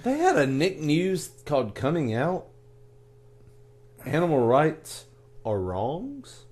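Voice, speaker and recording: A man's voice: fairly high pitch, wildly swooping pitch, a little mellow. A man from the United States co-hosting a casual podcast, joking around and laughing often. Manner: jokey, laughs often, quick asides. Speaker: podcast co-host. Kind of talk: casual chat.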